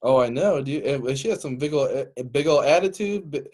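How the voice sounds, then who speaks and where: A man's voice: medium pitch, animated, fairly quick, hardly any pauses, warm tone. Teasing man hosting a crude podcast. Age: 30s. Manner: teasing, provocative questions. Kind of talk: casual crude chat.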